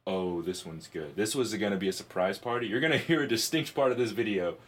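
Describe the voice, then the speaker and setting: A man hosting a podcast in casual chat, telling stories in an excitable, profane way. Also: lowish voice, brisk. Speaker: podcast host.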